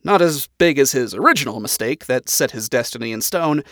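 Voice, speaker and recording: A man reading a story aloud as narrator, in an even, dryly expressive manner. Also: mid-range voice, fairly quick, no echo, studio quality.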